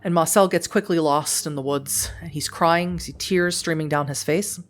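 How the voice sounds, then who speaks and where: Low-voiced woman narrating a tabletop game. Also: soft background music. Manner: descriptive, measured narration. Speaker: storyteller.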